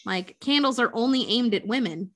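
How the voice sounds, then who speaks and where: Recapping a film on a podcast, this woman co-host chats casually, swears freely, and acts out the quotes as she retells the story. Her pitch is fairly high and animated, at a moderate pace.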